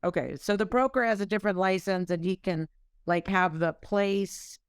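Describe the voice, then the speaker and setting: Smooth-voiced woman podcast host. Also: medium pitch, no room sound, clean studio sound. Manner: measured, asks clarifying questions. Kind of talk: interview podcast.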